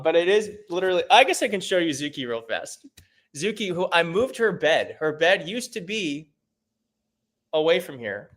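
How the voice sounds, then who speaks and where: A man hosting a casual livestream from home, chatting and reading viewer comments aloud, laughing often. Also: fairly high pitch. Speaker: livestream host.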